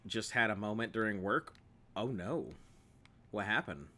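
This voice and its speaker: A man talks through his gameplay stream, cracking jokes with viewers and laughing often. His voice sits lowish yet comes across bright and forward. His delivery stays loose and playful. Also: lively intonation, unhurried. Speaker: game streamer. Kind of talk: gameplay commentary chatting with viewers.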